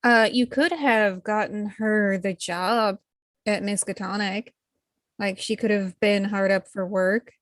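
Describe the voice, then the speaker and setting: A woman player casually suggesting story ideas for another player's character, pausing to think. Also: fairly even intonation, a bit bright, no room sound, clean studio sound. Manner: thoughtful, pitching ideas with hesitations. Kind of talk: casual tabletop game chat.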